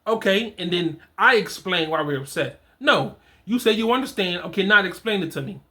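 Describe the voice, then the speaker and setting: High, bright-voiced man talking. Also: moderate pace. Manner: conversational, repeats and restarts phrases, animated. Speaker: fatherhood coach and host. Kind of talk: casual solo talk reading from a program.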